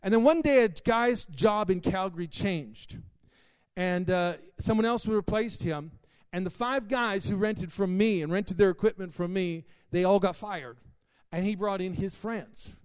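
A man preaching a sermon, telling a personal testimony with strong emotion that swings between hushed confession and loud exclaiming. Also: high-pitched, unhurried, clear, resonant tone.

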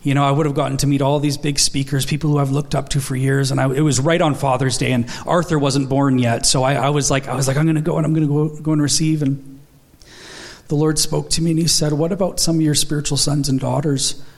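A man's voice: a little high, level tone, fast, gravelly. A man in his thirties preaching an earnest, storytelling sermon, acting out the dialogue in his stories.

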